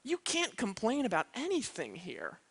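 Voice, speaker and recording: A man's voice: high voice, huge pitch swings, normal speed, husky. A man giving a live motivational seminar talk, emphatic and checking in with "right?" and "you know what I mean?". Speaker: motivational speaker. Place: event stage.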